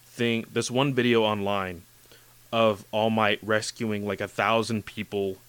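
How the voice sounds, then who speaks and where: A man hosting a casual chat about anime, gushing and excitable, with lots of "like" and "you know". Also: lowish voice, measured pace, clear, resonant tone, no echo. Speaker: podcast host discussing anime.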